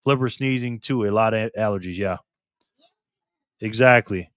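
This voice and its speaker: A man's voice: on the low side, normal speed, no echo, studio quality. A man hosting a casual live stream, chatting loosely with viewers by name and repeating himself.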